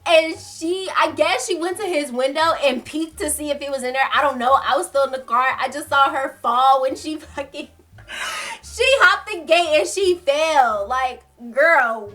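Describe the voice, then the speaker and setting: A young woman telling a story to her viewers in casual, slangy talk, acting out quotes and laughing as she goes. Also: high-pitched. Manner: animated, slangy, laughs often, acts out quotes. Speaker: storytime vlogger.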